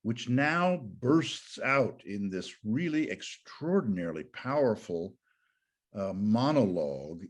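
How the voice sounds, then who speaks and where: Older male Bible teacher, low husky voice, informal lecture with asides and restarts. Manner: thoughtful, digressive, with frequent fillers and self-corrections. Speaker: pastor teaching a Bible study.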